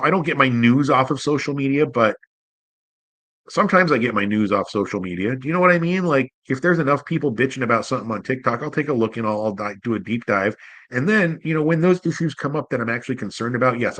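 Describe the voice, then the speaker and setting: A man's voice: mid-range voice, fairly bright tone, no room sound, poor audio. A man hosts his own show alone, talking in a loose, rambling way full of "you know." He is candid and self-deprecating and swears casually. His voice sits in an ordinary middle range, recorded dry with no room sound. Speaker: host. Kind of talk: casual solo livestream monologue.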